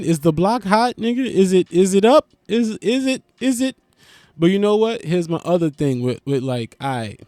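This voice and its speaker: A man hosting a podcast, riffing in a loose, profane, animated comic monologue. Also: a little high, no room sound. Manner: loose, animated, profane, swings into loud bursts. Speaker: podcast host. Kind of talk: casual comedic monologue.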